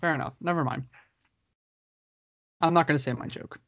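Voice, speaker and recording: Male podcast co-host, slightly high voice, dry close sound, chatty, reads listener questions. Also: normal speed, vocal fry, fairly bright tone, no room sound, muffled recording. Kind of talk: casual chat.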